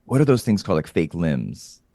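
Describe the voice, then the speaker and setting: Lively low-voiced man telling stories. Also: a little fast, no echo, clean studio sound. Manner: animated storyteller, swears, laughs often. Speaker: podcast guest, comedian. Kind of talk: casual chat.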